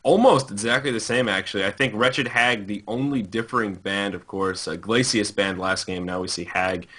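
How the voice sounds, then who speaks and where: A man commentates an esports match over a voice call with fluent, energetic delivery. His voice sits low but sounds bright and forceful. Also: normal speed, slightly rough. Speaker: esports caster.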